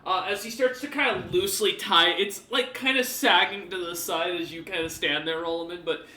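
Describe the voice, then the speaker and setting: A man's voice: sits high, a little fast, sharp tone. A man narrating a tabletop game as game master, rambling with many fillers. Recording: roomy, distant mic.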